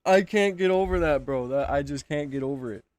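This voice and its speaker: A man's voice: fairly high pitch, fairly quick, background noise. A man giving casual live reaction commentary, laughing, swearing and talking in slang. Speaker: streamer reacting to videos.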